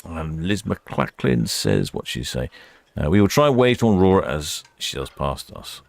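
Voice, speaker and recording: A man's voice: very deep voice, very animated, normal speed, creaky, no room sound. A British man hosting a live ship-watching stream, chatting casually and reading out viewer comments. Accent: British English. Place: indoors in a warm room by the quay.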